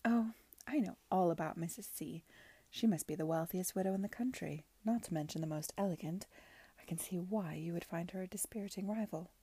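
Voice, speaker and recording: A woman's voice: fairly low pitch, fairly quick, warm tone, husky, no echo. A woman reading aloud, voicing a flamboyant aristocratic lady who is gossipy and imperious. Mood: confiding. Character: flamboyant aristocratic society lady, worldly and teasing.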